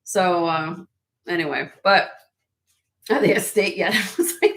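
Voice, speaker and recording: A woman hosting a live jewelry sale stream in casual chat, laughing often and a little hoarse from losing her voice. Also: lowish voice, unhurried, fairly bright tone. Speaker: host and jewelry seller.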